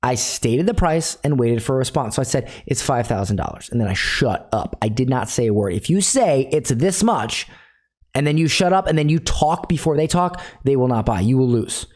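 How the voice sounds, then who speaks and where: A man's voice: medium pitch, animated, moderate pace, darkish tone. A middle-aged man teaching a sales technique in a direct, instructive way, repeating key phrases for emphasis. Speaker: sales coach.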